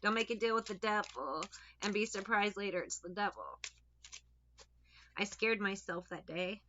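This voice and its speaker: Bright-voiced woman giving blunt tarot advice. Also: medium pitch, moderate pace, slight background noise. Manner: chatty, blunt, swears casually, gives direct advice. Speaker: tarot reader. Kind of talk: casual tarot reading monologue. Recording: dull lo-fi recording.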